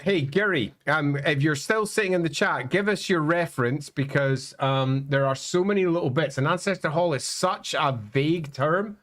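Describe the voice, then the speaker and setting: Male co-host, slightly higher voice, easygoing and hesitant. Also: normal speed, few pauses, fairly bright tone. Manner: easygoing, hesitant with many fillers. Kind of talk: casual lore chat on a livestream.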